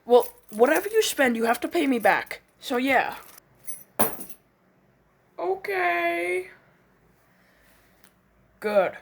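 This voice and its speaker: A woman performing a comedic skit, voicing quarrelling characters with cursing, yelps and shouting outbursts. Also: high voice.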